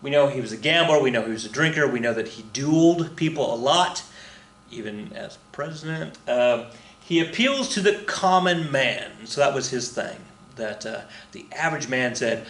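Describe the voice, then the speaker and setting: A man's voice: mid-range voice, animated, normal speed, a bit bright, echoey room. A man teaching a casual recorded history lesson, chatty and rambling, with lots of fillers, restarts and joking asides.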